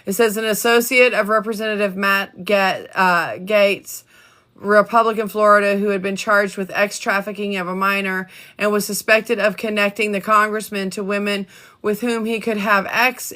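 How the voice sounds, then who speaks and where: A woman hosting a casual livestream, reading letters aloud in a chatty, halting way with many ums and restarts. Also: mid-range voice, bright, forceful tone. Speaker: livestream host reading documents.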